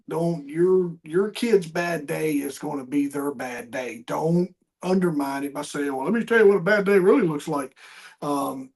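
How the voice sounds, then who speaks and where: Middle-aged guy host, chatty, acts out who said what, fairly high voice for a guy. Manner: animated storyteller, acts out quoted dialogue. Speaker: podcast host. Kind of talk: casual interview chat.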